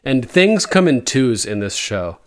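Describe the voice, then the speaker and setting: A man's voice: mid-range voice, unhurried. A man in casual chat, recapping a TV episode with a co-host and acting out the characters' lines. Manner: animated, acts out character lines in quotes.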